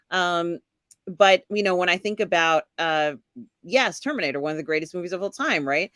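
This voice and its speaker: Rambling bright-voiced woman host. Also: lowish voice, no echo, clean studio sound. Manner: rambling, many fillers, laughs while talking. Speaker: podcast host. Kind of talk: casual live-stream chat.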